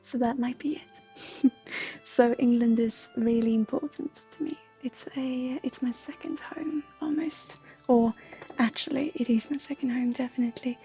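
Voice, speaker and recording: A woman from Sweden, a streamer and intuitive counselor chatting softly with viewers, often slipping into a breathy whisper. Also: fairly high pitch, fairly even intonation, measured pace, soft background music. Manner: soft, often drifting into a breathy whisper, laughs often. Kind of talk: live stream chat with viewers.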